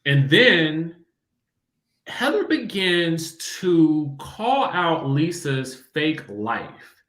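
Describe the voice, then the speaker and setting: Animated man hosting a chat. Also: medium pitch, echoey room. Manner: animated, quick, laughs often. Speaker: podcast host. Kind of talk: casual chat.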